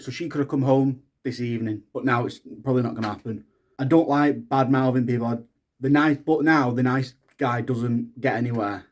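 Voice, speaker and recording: A man's voice: medium pitch, darkish tone. Worn-out man venting on camera. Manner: frustrated, venting about hospital care. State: exhausted, low on energy. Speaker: new dad vlogger. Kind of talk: casual video diary.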